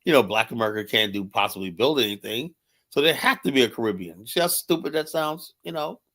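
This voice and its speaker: A man's voice: medium pitch, expressive, fast, pushed and bright. Heated man arguing on a stream. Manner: heated, argumentative, keeps asking "you know?". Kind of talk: casual live-stream debate.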